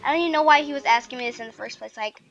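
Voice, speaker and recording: A woman's voice: high-pitched, very fast, creaky, fairly bright tone, lo-fi sound, faint music behind. A woman hosting a gaming channel, telling a childhood story in a rambling, chatty way with lots of "like" and restarts while she plays. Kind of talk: casual storytelling while playing a game.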